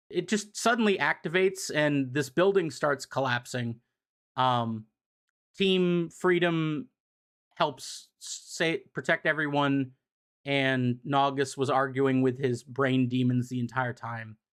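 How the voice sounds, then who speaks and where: A man's voice: mid-range voice, a bit bright. Rambling male streamer recapping comics. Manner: rambling, frequent ums and restarts. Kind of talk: casual recap. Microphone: desk mic on a live stream.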